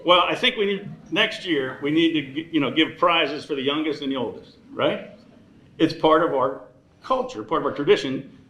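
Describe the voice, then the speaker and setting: A man in his sixties works the room at a dinner, trading jokes and thank-yous with a bright, lifted voice. His words bounce around a large echoey banquet hall with faint room noise underneath. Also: fairly high pitch, moderate pace. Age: 60s. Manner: wisecracking, teasing the audience. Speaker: dinner emcee. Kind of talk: joking dinner speech.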